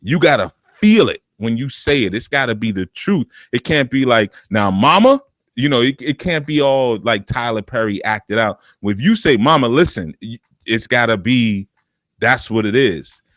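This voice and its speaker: A man's voice: mid-range voice, animated, normal speed, fairly bright tone, dry recording, clean studio sound. A man hosting a live call-in spiritual advice show, talking in a streetwise, preachy, colloquial way. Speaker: radio show host and spiritual teacher.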